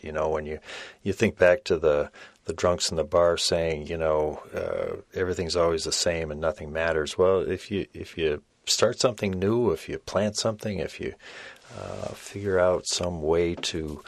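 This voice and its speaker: An older man hosting a podcast, reflecting thoughtfully and haltingly with many fillers. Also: deep voice, vocal fry, no echo, clean studio sound. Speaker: podcast host.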